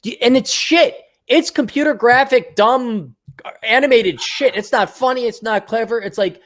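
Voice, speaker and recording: A man's voice: very high-pitched, normal speed, fairly bright tone. A man co-hosting a podcast in blunt, profane casual chat. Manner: blunt, profane, mocking impressions. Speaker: podcast co-host.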